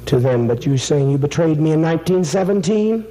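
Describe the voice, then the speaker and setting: A man acting as a spirit medium in a seance, commanding and solemn, with sudden higher pleas. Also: lively intonation, a little fast, warm tone, poor audio. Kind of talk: dramatic seance invocation.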